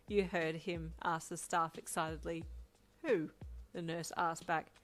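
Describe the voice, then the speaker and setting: A woman narrating a fan fiction story in a steady, low-key way.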